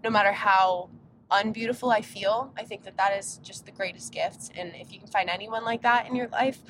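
A woman's voice: normal speed, a bit bright. A young woman hosting a casual solo podcast while driving, rambling and interrupting herself, sounding a little sick and tired. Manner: rambling, chatty, self-interrupting. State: sick, yawning. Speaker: podcast host. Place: inside a car on a road trip. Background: faint road rumble.

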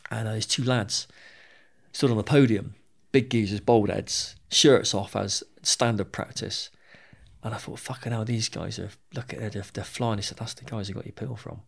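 A British man who was once a soldier tells his own story to an interviewer. His voice is gravelly with a rough, fry-laden edge. He speaks frankly, swears freely and often repeats himself mid-sentence. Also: on the low side, steady tone, moderate pace. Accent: British English. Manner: candid and plain-spoken, swears freely, repeats words as he goes. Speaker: interview guest, former soldier.

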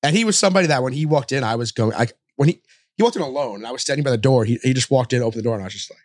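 A young man guesting on a podcast tells rambling stories quickly, loaded with fillers and swearing, in a casual chat. His voice is medium-pitched, animated and a little mellow.

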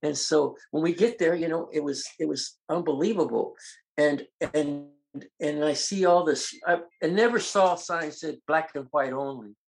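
An older man, a guest in an interview, telling animated stories and acting out the voices of people in them. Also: fairly high pitch, normal speed, creaky. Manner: animated, acts out quoted voices. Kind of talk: storytelling in an interview.

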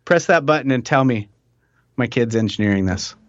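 Man, podcast host, animated, casual chat, dry close sound. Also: medium pitch, moderate pace, dry recording, muffled recording. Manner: animated, talks with his hands.

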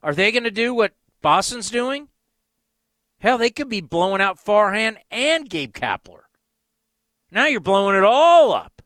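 A male sports radio host riffs through a rambling monologue, firing off exasperated rhetorical questions. His voice sits high and sounds bright and forceful. The studio sound is dry and close. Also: big pitch swings, unhurried, dry recording. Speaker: radio call-in show host.

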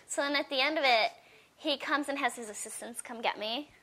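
A woman with a high, bright voice tells stories in a casual interview. She is an actress and a guest, and she acts out the people in her stories with lively quoted voices. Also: fairly quick.

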